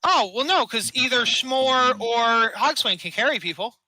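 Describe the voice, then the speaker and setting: A man's voice: very high-pitched, expressive, unhurried, pushed and bright, low-quality recording. A man running an online tabletop game as dungeon master, patiently explaining rules and chuckling often. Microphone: desk mic.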